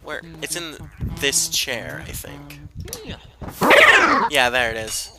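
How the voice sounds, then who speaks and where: A young gameplay streamer gives casual let's-play commentary for his viewers, rambling and poking fun at himself. His mid-range voice moves slowly, and loud game music behind him creates heavy background noise.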